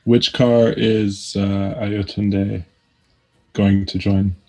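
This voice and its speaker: A man playing in a tabletop game, chatting in a relaxed, wry way. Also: lowish voice, extremely slow. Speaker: player. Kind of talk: casual chat.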